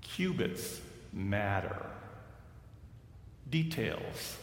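A male pastor telling a story in a sermon, measured and storytelling, dropping softer for quoted lines. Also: fairly low pitch, sing-song, creaky, a little hiss or hum. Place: large church sanctuary. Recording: roomy sanctuary with long reverb.

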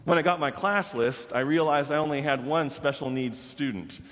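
A man recounts a story from his teaching days in a measured, reflective voice. He slows down deliberately to let points land. The sound carries a long reverb from a large hall. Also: a little high, fairly bright tone. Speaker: former middle school teacher. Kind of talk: storytelling talk to an audience.

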